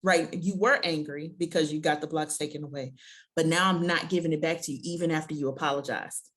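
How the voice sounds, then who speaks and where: Woman in her 30s chatting on a podcast, lowish voice, acts out little voices in her stories. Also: steady tone, brisk, fairly bright tone. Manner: acts out her child and herself in quoted voices, laughs often. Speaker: podcast guest. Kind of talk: casual conversational storytelling.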